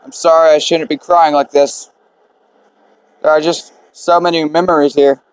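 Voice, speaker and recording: A man's voice: a little high, little pitch movement, moderate pace, smooth, natural voice, low-quality recording. A man voicing a grieving elderly widow who is being evicted from her home. He speaks in an apologetic, motherly way while reading the game's dialogue aloud. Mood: tearful.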